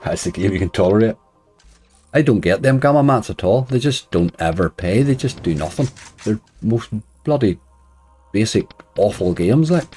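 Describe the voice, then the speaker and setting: A man's voice: fairly low pitch, animated, moderate pace, husky, faint music behind. A man chatting casually on a live stream, greeting viewers and joking wryly while he plays. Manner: wry, laughs softly at his own remarks.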